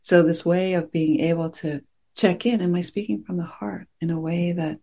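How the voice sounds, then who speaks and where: A woman meditation teacher giving a dharma talk to her class, gentle and reflective, pausing often as she searches for words. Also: lowish voice, fairly even intonation, gravelly.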